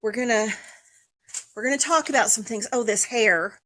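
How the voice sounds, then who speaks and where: A woman hosting a casual livestream sale from a basement, talking in a mock-calm, sarcastic way with sighs and throat-clearing. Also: a little high, normal speed. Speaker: livestream seller and host. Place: home basement room.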